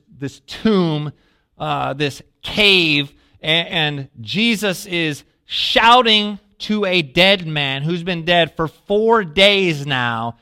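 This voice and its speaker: Bright, high-voiced man preaching slowly. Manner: animated storytelling, asks the congregation questions. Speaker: pastor. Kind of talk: sermon.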